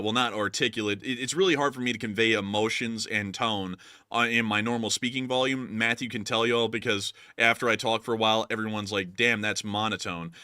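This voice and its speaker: A man co-hosting a casual livestream news show, raising his voice on air and dropping into a flat monotone to show how he really talks. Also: lowish voice, clean tone, dry recording, studio quality. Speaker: co-host.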